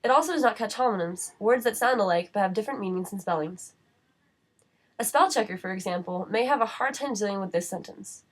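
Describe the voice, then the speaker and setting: A woman narrating a writing-center lesson in a measured, scripted voice-over. Her pitch sits in the middle range. She reads each example word slowly and carefully. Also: animated.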